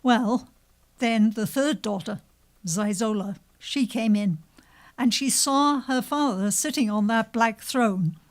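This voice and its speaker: A woman telling a folk tale aloud to an adult audience, slow and expressive. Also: fairly high pitch. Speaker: storyteller. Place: live storytelling venue.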